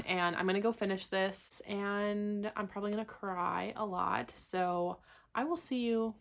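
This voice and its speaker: A young woman with a gravelly, mid-range voice vlogs about a book series she's rereading, reading passages aloud between excited chatter. She gushes, saying "like" constantly, and there's slight background noise.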